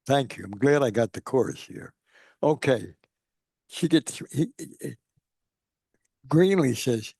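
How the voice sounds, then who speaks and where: Gravelly older man telling stories. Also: mid-range voice, expressive, unhurried, long pauses, a little mellow, no echo, clean studio sound. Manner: acts out quoted people while telling stories. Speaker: guest speaker. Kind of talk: anecdotal storytelling. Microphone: video call.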